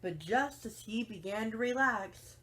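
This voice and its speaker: A woman teacher reading a picture book aloud to children in a gentle, deliberate storytelling manner. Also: on the high side, lively intonation.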